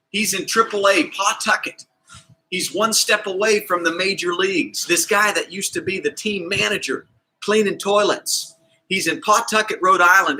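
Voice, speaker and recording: A man's voice: sits high, poor audio. A man coaching a kids' PE class, telling a story with lots of energy and acting out the characters. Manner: energetic, theatrical, plays voices of characters. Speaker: kids PE coach. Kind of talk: animated storytelling to kids.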